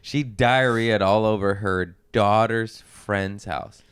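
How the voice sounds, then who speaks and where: Brief: man, lowish voice, smooth and clear, crude animated storyteller, dry studio sound. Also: takes it slowly, no echo. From Mexican-American family. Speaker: podcast guest. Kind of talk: casual podcast chat.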